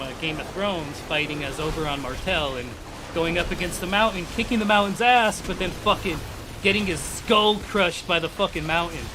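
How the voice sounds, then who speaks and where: A young man, a game streamer, rambling in excitable, profane casual chat at his home gaming setup on a desk microphone. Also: sits high, noisy background.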